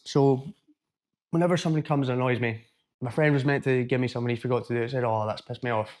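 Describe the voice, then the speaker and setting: A man's voice: mid-range voice, fast talker. Blunt man coaching. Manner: energetic, blunt and swearing. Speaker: fitness and mindset coach. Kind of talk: casual self-help talk to camera.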